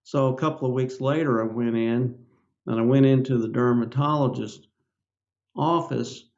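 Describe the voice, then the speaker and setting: Older man with a gravelly, rambling voice. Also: mid-range voice, steady tone, darkish tone. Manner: rambling, halting, with many "you know" fillers. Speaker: podcast guest. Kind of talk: personal storytelling in a casual interview. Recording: slightly dull lo-fi audio.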